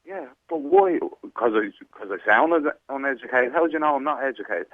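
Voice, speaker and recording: A man's voice: medium pitch, quick pace, no echo. A man with a thick Dublin Irish accent calling a radio show, pressing and challenging as he argues back. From Ireland. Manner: persistent, challenging. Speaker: caller. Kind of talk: heated radio phone-in argument. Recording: tinny phone line.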